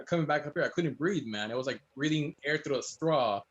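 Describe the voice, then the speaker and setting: A man's voice: fairly high pitch, dull audio. A man, a guest chef, telling stories in casual chat and acting out quoted voices. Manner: fast, storytelling, animated quotes.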